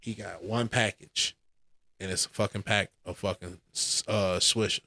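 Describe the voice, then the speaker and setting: A man telling a profane, animated story in a casual podcast chat. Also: lowish voice, measured pace, gravelly, no room sound. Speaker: podcast co-host.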